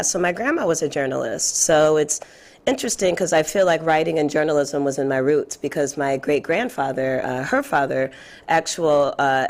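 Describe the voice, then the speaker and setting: A woman in her thirties with a raspy voice, talking reflectively as an interview guest, with many fillers. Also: low voice, a little mellow. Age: 30s. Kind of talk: casual interview chat.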